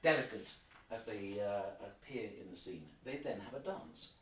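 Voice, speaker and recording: An opera guide with a lowish, expressive voice speaks at a normal pace, far from the mic, walking through an opera scene by scene and sometimes singing short motifs. It's a guided listening tour with piano examples, recorded off-mic in a roomy space.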